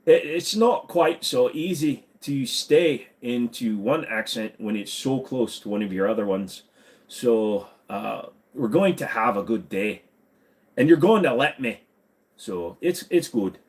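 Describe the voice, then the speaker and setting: Male livestream host, jokey and casual, lively pitch, answering chat. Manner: joking, jumps into silly voices.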